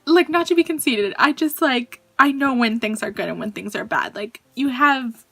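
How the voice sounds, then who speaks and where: A woman's voice: fairly high pitch, lively intonation, normal speed, vocal fry, fairly bright tone. A young woman chatting casually in a home vlog, bubbly and giggly, recorded at home on a camera mic. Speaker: vlogger and singer. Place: home, kitchen.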